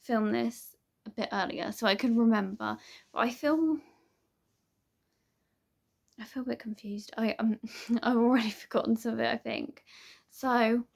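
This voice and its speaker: A woman's voice: fairly high pitch, a little slow, gravelly, long pauses. A young woman vlogger chatting casually to camera, rambling and hesitant with many restarts.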